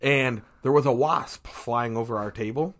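A man's voice: medium pitch, normal speed, fairly bright tone. A chatty man with an Ohio accent, talking with a friend on a casual podcast. He meanders through anecdotes, slips into little voices for the people he quotes, and laughs along with his own stories. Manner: rambling storyteller, acts out quotes in voices; laughs often while telling stories. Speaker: podcast co-host. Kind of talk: casual chat.

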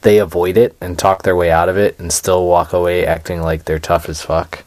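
Man, very low voice, podcast co-host, dry teasing remarks. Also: flat delivery, moderate pace, a little mellow, no room sound. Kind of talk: casual chat.

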